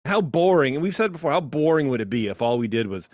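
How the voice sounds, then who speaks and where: A man co-hosting a podcast in casual, opinionated chat, animated and jumping into high mocking voices. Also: fast talker, hardly any pauses, dry recording, clean studio sound. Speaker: podcast co-host.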